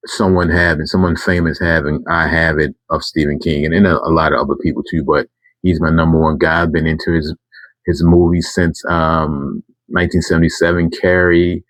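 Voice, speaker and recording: A man's voice: a bass voice, steady tone, moderate pace, dry recording. A middle-aged man telling a casual story to camera, rambling and correcting himself, with emphatic asides. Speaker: channel host telling a story.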